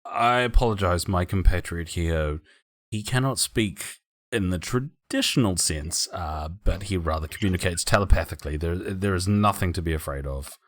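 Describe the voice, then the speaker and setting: A man voicing a formal, apologetic adventurer who calmly explains things to guards in a tabletop game. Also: low-pitched, normal speed, no echo, close to an everyday voice. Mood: soothing. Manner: formal, soothing.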